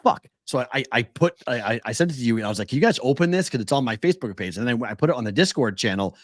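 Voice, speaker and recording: A low-voiced man talks fast with a lively, swinging pitch as he co-hosts a podcast. He tells stories with gusto, acting out quotes and swearing. The recording is dry and close. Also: no echo. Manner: animated storyteller, acts out quotes, swears. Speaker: co-host. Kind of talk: casual podcast chat.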